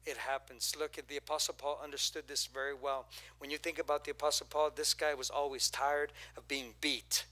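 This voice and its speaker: A male pastor preaching at a church service, his voice very bright and slightly high. He drops to near-quiet asides, then climbs into loud, excited questions thrown at the crowd, in a lively, joking sermon. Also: fairly quick. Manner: animated, swings from hushed to shouting, playful.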